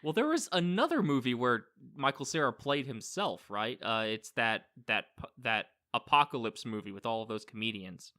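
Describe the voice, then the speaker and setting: A man rambles casually through a film recap on a podcast, dropping a swear word here and there. His voice sits at a middle pitch with a bright edge. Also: big pitch swings, moderate pace, few pauses. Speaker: podcast co-host. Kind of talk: casual movie review chat.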